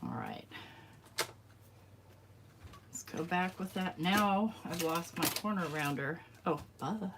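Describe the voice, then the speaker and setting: A woman, her lowish voice a bit hoarse as she loses it, mutters her way through a crafting project. Her talk is chatty and self-deprecating. The home recording carries clear background noise and clicking sounds. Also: slow pace, pauses often. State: losing her voice. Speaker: crafting vlogger. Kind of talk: casual crafting commentary, talking to herself.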